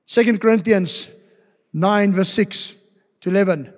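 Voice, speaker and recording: A man's voice: high voice, a little slow. A man preaching a sermon as pastor, emphatic, asking rhetorical questions and repeating key words. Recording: long church-hall reverb.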